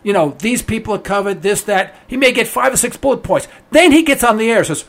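High, gravelly man ranting. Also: fairly quick, fairly bright tone. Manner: emphatic, repetitive, blunt, sarcastic. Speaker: political commentator. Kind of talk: ranting monologue.

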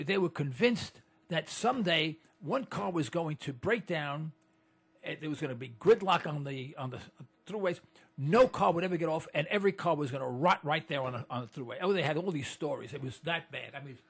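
A man's voice: a little high, lively intonation, normal speed, gravelly, breathy edge. A man giving an indignant, rambling monologue as a host, often restarting his sentences. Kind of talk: monologue to listeners.

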